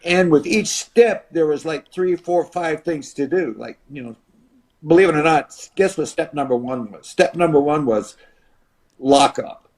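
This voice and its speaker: An older man, a retired wrestler, telling a story as a podcast guest and acting out the voices of others with big shifts in loudness. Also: on the high side, unhurried. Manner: acts out voices of others in his stories, dramatic shifts in loudness. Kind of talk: animated storytelling.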